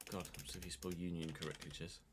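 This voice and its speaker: A man's voice: sits low, little pitch movement, fast, background noise. A man chatting casually on a live stream, muttering asides to himself and to chat.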